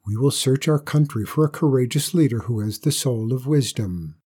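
A man voicing a wise old court official, grave and measured, in a storybook reading. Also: mid-range voice, dark tone, slightly rough, lightly acted.

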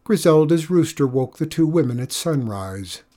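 A storyteller reading a folk tale aloud in a measured, expressive way. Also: medium pitch. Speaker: narrator. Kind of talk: storybook narration.

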